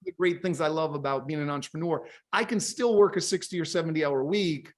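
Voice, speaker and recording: A man with a high, bright pitch talks as the guest on an interview show, energetic and chatty. He explains his story in a loose, conversational way and keeps checking in with "right?" as he goes. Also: a little fast. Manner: energetic, tags sentences with "right?". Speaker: guest, company founder. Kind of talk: casual interview chat.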